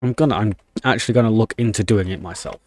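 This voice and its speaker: A man's voice: lowish voice, quick pace, darkish tone. A young man chatting casually on a live stream, ranting in annoyance while typing commands at his desk. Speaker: livestreamer.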